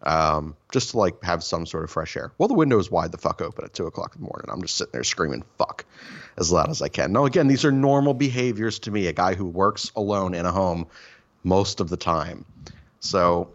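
A man with a very deep voice tells rambling, self-mocking stories full of swearing. The talk is loose and casual. The recording sounds slightly dull and muffled. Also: expressive, a little fast. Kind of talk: casual storytelling chat.

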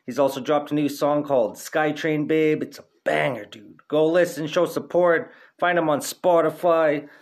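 A man's voice: fairly high pitch, fairly even intonation, normal speed, few pauses. A young man hosting a podcast in casual chat, laid-back and rambling, swearing freely, stoned. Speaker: podcast host.

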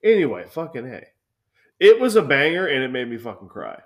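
A young man chats loosely on a podcast, cursing freely as he rambles through a story. His voice sits at an ordinary middle pitch. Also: big pitch swings, a little fast. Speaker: podcast co-host. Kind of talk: casual chat.

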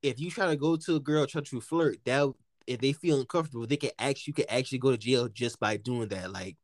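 A man from the United States hosting a casual podcast chat, telling stories in an animated way with lots of slang and swearing and acting out what people said. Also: mid-range voice, fairly quick, no room sound. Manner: animated storytelling, heavy slang and swearing, acts out quotes. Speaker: podcast host.

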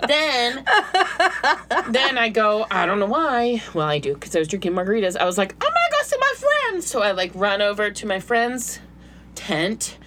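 A woman in her thirties, co-hosting a casual chat and telling a comic story, acting out quotes loudly. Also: mid-range voice, normal speed. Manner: animated, acts out quotes loudly. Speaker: podcast co-host. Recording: noisy background.

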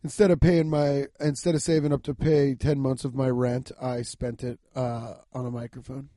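A young man hosting a casual solo podcast, rambling loudly and profanely while lying down and yawning. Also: medium pitch, little pitch movement, moderate pace, no room sound, clean studio sound. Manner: loud, rambling, profane, laughing at his own jokes. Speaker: podcast host.

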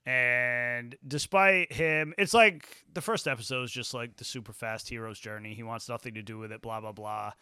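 A man hosting a podcast in casual chat, swearing freely and acting out scenes with quick quoted voices. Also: mid-range voice, pushed and bright, clear, resonant tone, no echo, clean studio sound. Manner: profane, rambling, acts out scenes in quotes. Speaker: podcast host.

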